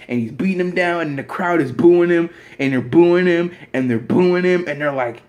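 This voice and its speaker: A man's voice: on the high side, normal speed, hardly any pauses, a little mellow. A young man in a casual vlog monologue, rambling along with frequent restarts. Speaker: vlogger. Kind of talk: casual fantasy-booking monologue.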